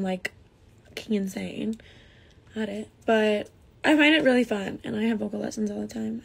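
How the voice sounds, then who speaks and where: A woman's voice: mid-range voice, gravelly, slightly rough. A young woman from the United States chatting casually on a phone livestream, reading comments aloud and answering them.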